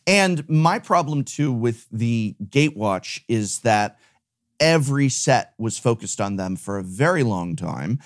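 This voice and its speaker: A man co-hosting a casual chat, speaking in an opinionated, expressive way with frequent hesitations. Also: medium pitch, a little slow. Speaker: co-host.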